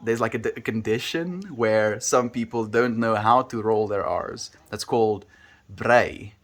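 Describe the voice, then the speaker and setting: A man with a South African accent, chatting casually with viewers on a livestream from home, relaxed and playful with how words sound. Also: lowish voice, moderate pace.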